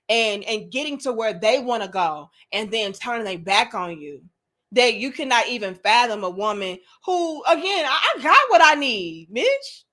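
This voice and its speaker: Blunt, high-voiced woman ranting. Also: a bit bright. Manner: blunt and profane, slips into mocking quoted voices. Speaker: commentary channel host. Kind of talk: opinionated monologue to camera.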